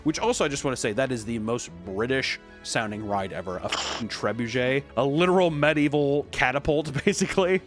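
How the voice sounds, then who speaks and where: A man's voice: medium pitch, brisk, hardly any pauses, over music. A man reading a list aloud and riffing on it with casual, joking commentary, swearing and breaking into silly voices. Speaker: YouTube commentator.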